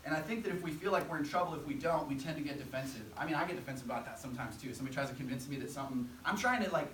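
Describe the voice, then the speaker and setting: Young male preacher, earnest, conversational, bright forceful tone, echoey room, from a distance. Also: on the high side, very fast, slight background noise. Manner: earnest, conversational, with acted-out quotes. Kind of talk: sermon.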